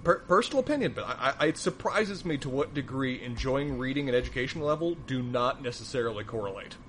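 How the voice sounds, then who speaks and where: A man's voice: medium pitch, animated, fast, fairly bright tone, a little hiss or hum. A man co-hosting a podcast, chatting wryly and precisely about a TV episode. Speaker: podcast co-host. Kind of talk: casual recap chat.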